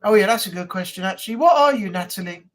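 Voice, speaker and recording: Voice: mid-range voice, lively intonation, quick pace. A live-stream host from England chatting casually and rambling, reading out viewer comments and ranting a little.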